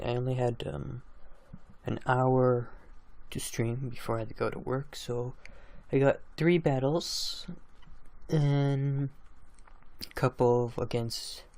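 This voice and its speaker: A man's voice: medium pitch, darkish tone. A drowsy young man recapping his online game battles in a casual, rambling way, laughing at his own plays. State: drowsy, just woke up. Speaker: gaming channel host.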